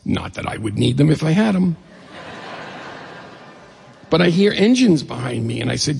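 A middle-aged man telling a humorous personal story, animated and acting out the dialogue. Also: moderate pace, gravelly, long pauses. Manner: animated, acts out dialogue with rising pitch. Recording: long hall reverb.

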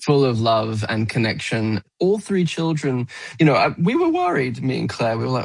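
Earnest husky gravelly-voiced man. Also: mid-range voice, big pitch swings, brisk, low-quality recording. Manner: earnest, searching for words with restarts. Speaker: actor guest. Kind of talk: radio interview.

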